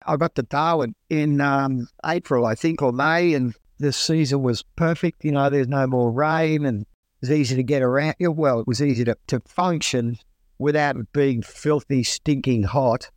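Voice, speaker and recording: A man's voice: medium pitch, moderate pace, no echo. A middle-aged Australian man recalls his experiences in a chatty, colloquial manner, now and then acting out what he said back then. His voice sits in an ordinary middle range. It is recorded dry, with almost no room sound. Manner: chatty, relaxed, colloquial, acts out his own exclamations. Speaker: guest. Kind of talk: casual storytelling.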